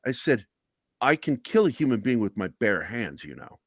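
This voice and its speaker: Brief: middle-aged man, deadpan storyteller, lively pitch, dry close mic. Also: moderate pace, no echo. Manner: deadpan storyteller with dark humor. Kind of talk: casual chat.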